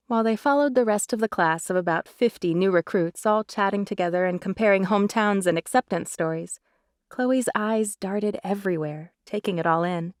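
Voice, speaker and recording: A woman narrating a romance audiobook in an even, measured read on a close mic. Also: mid-range voice, no echo.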